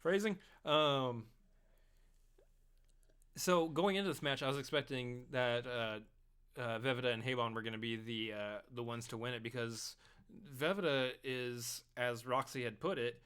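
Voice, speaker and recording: A man's voice: medium pitch, moderate pace, fairly bright tone, smooth. Man recapping a match in casual chat. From Texas. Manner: rambling recap with restarts, teasing banter. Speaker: podcast co-host.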